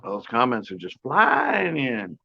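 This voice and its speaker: A man's voice: mid-range voice, huge pitch swings, takes it slowly, vocal fry, pushed and bright, dull audio. A man hosting a live fishing stream from his porch, chatting casually with viewers, joking and sarcastic, with frequent laughs. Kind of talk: casual live-stream chat, reading comments.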